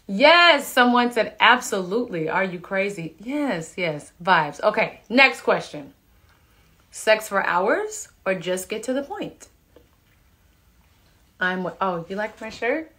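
A woman in her thirties hosting a casual live stream from home on a phone, chatting with viewers and reading out their comments in a relaxed, chatty way. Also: mid-range voice, slow, pauses often. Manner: relaxed, chatty, laughing asides. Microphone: phone camera.

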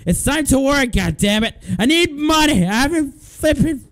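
A man giving excitable, frantic let's-play commentary, often yelling at the game's customers. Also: very high-pitched, normal speed. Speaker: gaming video host.

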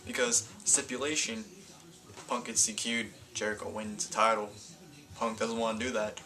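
A man's voice: on the low side, steady tone, normal speed, sharp tone. A man casually reviewing a wrestling event in a video, rambling and often correcting himself mid-sentence. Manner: rambling, stumbling, self-correcting.

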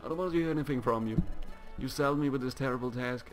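A man's voice: mid-range voice, fast, soft background music, close to an everyday voice. A man voicing a strict, pompous parrot Pokemon who scolds his apprentices in a video game. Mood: stern. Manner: scolding, bossy, hesitant when nervous.

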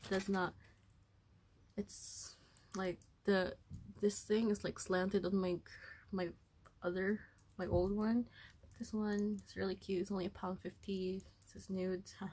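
Chatty woman, flat voice. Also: mid-range voice. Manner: chatty, rambling, self-correcting. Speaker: vlogger. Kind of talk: casual haul vlog chat. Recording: background noise.

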